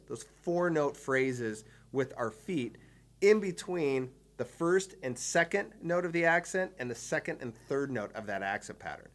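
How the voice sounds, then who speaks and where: A man's voice: on the high side, a bit bright. Upbeat man teaching drums. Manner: enthusiastic, explains step by step, counts beats aloud. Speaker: drum teacher. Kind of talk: instructional video lesson.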